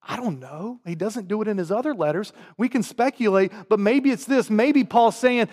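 A pastor with a Southern US accent preaches to his congregation in a church sanctuary, shifting between loud, emphatic lines and quiet, low asides. He talks at a normal speed with few pauses, and the recording carries the long reverb of the hall.

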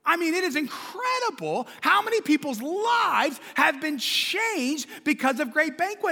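A man's voice: very high-pitched, sing-song, normal speed, creaky, hardly any pauses, bright, forceful tone. A man preaching a sermon as pastor, talking in a conversational way with repeated words and questions to the congregation, in a large church. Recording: long church reverb.

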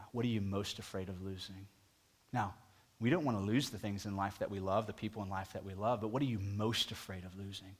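A pastor delivers a sermon in a conversational style, asking the congregation direct questions. At emphatic points his voice climbs higher in pitch and grows louder.

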